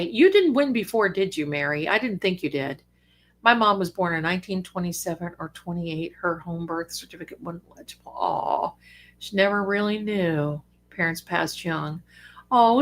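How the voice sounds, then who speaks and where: An older woman hosting a psychic live stream in casual, affectionate chat, calling her viewers darlings, with bursts of lively excitement. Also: medium pitch. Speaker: psychic livestream host.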